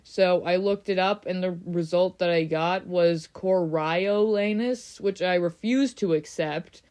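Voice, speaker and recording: A woman vlogging in a chatty, playful way, slowing down to sound out names syllable by syllable. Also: on the low side, darkish tone, smooth. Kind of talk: casual chat.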